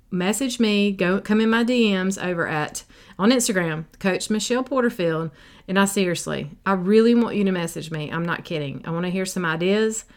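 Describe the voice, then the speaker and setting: A woman, hosting a casual solo podcast in a chatty, silly and sassy way. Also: mid-range voice. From South Carolina, USA. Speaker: podcast host and life coach. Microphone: podcast microphone.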